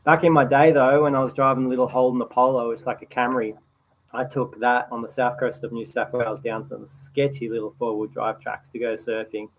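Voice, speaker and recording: An Australian man in his thirties hosting a relaxed livestream Q&A, chatting casually and reading out viewer comments. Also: medium pitch, a little fast, slight background noise, poor audio. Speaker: host answering viewer questions. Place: outdoors by a campfire at night.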